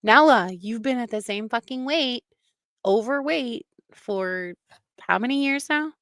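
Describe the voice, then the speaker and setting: A woman's voice: on the high side, expressive, measured pace, fairly bright tone, no room sound, clean studio sound. A woman hosting a livestream, giving blunt, mocking reaction commentary, swearing freely.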